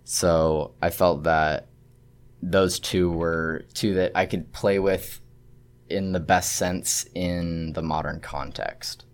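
Deep-voiced man reflecting on his work. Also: little pitch movement, slow pace. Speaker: student. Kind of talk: spoken reflection on an assignment.

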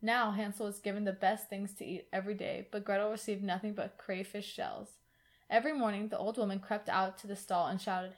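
A woman reading a fairy tale aloud in a calm, even manner. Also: mid-range voice, fairly quick. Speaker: reader.

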